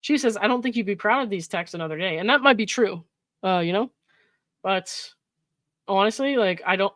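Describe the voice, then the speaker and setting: A woman's voice: mid-range voice, lively intonation, moderate pace, fairly bright tone, no echo. A woman host reading text messages aloud with casual commentary, laughing often and reacting with exasperated asides. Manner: laughs often, reads quoted texts with mock emphasis, frequent likes and ums.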